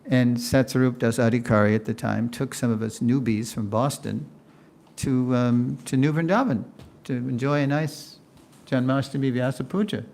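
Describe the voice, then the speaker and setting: Older man, gravelly voice, lively storytelling lecture, acts out quotes. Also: mid-range voice, moderate pace. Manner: animated storytelling, acts out quotes, laughs often.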